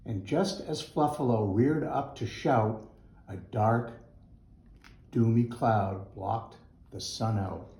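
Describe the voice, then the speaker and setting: A man's voice: on the low side, slow, dark tone, reverberant, low-quality recording. A man, a mayor, reading a rhyming picture book aloud to schoolchildren in a school room. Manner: rhythmic rhyming delivery.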